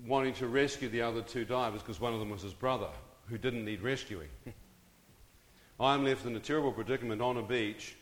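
Middle-aged guy telling a story to a crowd, keeps asking them questions, voice rings around a big hall. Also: medium pitch. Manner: addresses the audience with questions and asides. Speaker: speaker telling his story. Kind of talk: dramatic personal storytelling to an audience. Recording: long reverb of a large hall.

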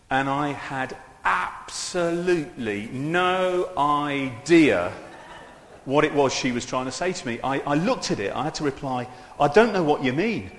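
A man gives a light-hearted sermon in a big church hall, his voice riding high and swinging lively up and down. He talks chattily and pokes fun at himself, throwing questions out to the congregation. The microphone picks up a roomy echo with a long reverb tail. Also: slight background noise. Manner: chatty and self-deprecating, with many asides to the congregation. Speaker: preacher leading a church service. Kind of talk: informal, humorous sermon. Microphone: handheld or stand microphone.

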